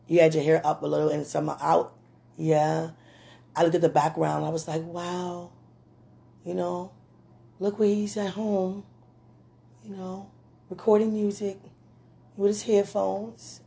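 A woman rambling through a personal message to a man, gushing and giggling often, with a slight lingering throat-clearing. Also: fairly low pitch, level tone, measured pace, pauses often, warm tone. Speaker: admirer speaking to a man on video.

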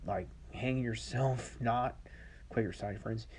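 A man's voice: medium pitch, moderate pace, a little mellow, slightly rough. A man hosting a podcast in a rambling, profane monologue, laughing to himself. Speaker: podcast host.

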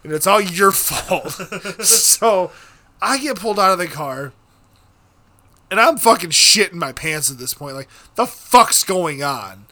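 A young man with a high, sharp, forceful voice recounts a story in casual podcast chat. He swears constantly, speeds up and slows down, and breaks into shouts when reenacting the scene. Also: a little hiss or hum. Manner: profane, animated, bursts into shouting when reenacting.

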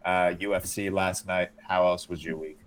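A man hosting a casual movie podcast, steering the talk in a relaxed way. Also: low-pitched, normal speed. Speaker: podcast host. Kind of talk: casual chat.

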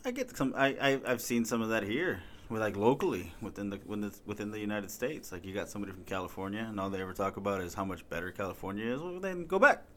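Low-voiced man joking dryly. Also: lively intonation, quick pace, few pauses, slight background noise. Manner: dry joking asides. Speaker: podcast co-host. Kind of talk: casual banter.

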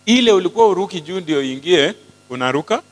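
A man preaching a sermon, mixing English and Swahili, animated and often asking the congregation questions. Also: sits high, fast talker. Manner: switches between English and Swahili, animated, asks the crowd questions. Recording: hall with long reverb and mains hum.

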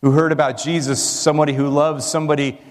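A man's voice: fairly high pitch, level tone, fast talker, long reverb tail. A man preaching a sermon in an earnest, emphatic way, asking his listeners rhetorical questions. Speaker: pastor.

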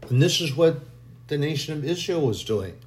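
A man's voice: fairly high pitch, expressive, moderate pace, a little mellow. Man, preacher, informal sermon, conversational, repeats phrases, roomy echo. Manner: conversational, acts out quoted voices, repeats phrases.

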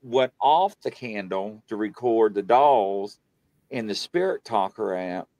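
A man speaks slowly in a dry recording, chatting casually about something paranormal. He's a guest on a paranormal show, and he animates the dialogue with pronounced pitch jumps.

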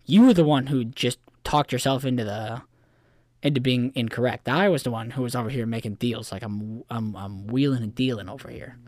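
A man's voice: mid-range voice, brisk, a little mellow, no room sound. A young man in casual chat, brash and insistent, swearing a lot.

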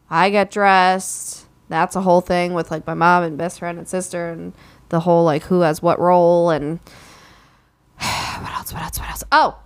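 A woman's voice: fairly low pitch, smooth. A young woman chatting casually, telling a story with lots of filler words and speaking straight to her listeners. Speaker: podcast co-host and recent bride. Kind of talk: casual chat.

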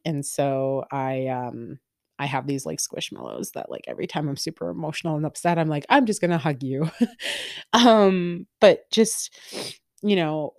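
A woman's voice: low voice, a little mellow, clear, resonant tone, dry recording, clean studio sound. A woman in her thirties hosting a podcast, talking openly and rambling in a candid personal monologue. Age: 30s. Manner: open, rambling, lots of fillers and laughs. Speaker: podcast host.

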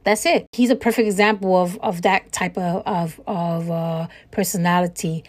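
A woman hosting a podcast, telling stories in a chatty, animated way and acting out conversations with exasperated emphasis and frequent laughter. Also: fairly low pitch, moderate pace. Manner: laughs often while talking. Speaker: podcast host. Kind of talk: casual storytelling chat.

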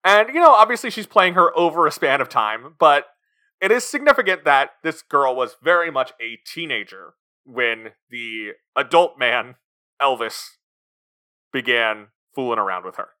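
A man's voice: medium pitch, expressive, moderate pace, pushed and bright. A man co-hosting a podcast, chatting casually about a film and acting out scenes in put-on voices. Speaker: podcast co-host. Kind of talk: casual film review chat.

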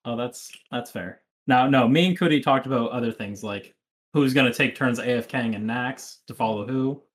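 A man's voice: mid-range voice, moderate pace. Easygoing young man on a podcast. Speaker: podcast co-host. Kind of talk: casual chat.

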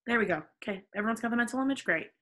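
Husky woman in her 20s reading a story out loud, giggly and theatrical, podcast host vibe. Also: on the high side, lively intonation, rapid-fire. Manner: giggly, theatrical, reads aloud with voices. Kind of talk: casual dramatic reading with friend.

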